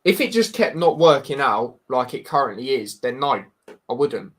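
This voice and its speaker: A man's voice: medium pitch, sing-song, normal speed, husky. A man with a Scouse accent hosting a casual football chat, frank and blunt, often restarting and calling people mate. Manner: frank, repeats himself, says mate often. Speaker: podcast host.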